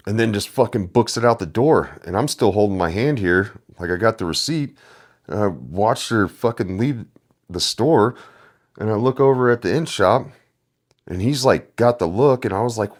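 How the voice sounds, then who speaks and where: A man's voice: on the low side, normal speed. A young man hosting a podcast, telling delivery-driver stories in a rambling, heavily profane casual monologue.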